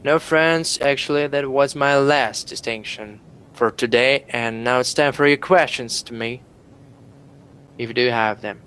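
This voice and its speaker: Guy teacher repeating words slow for class, faint rumble behind. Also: a bit bright, rough recording. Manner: repeats words slowly for practice. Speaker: English teacher. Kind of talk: online class explanation.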